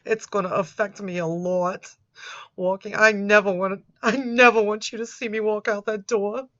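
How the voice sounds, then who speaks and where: A woman reading out a lovesick, clingy young man's chat messages in a slow, mocking way, on a dull lo-fi recording. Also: medium pitch, steady tone, close to an everyday voice. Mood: mock-sappy. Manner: slow, mocking, drawn-out read-out. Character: lovesick clingy young man in online chats.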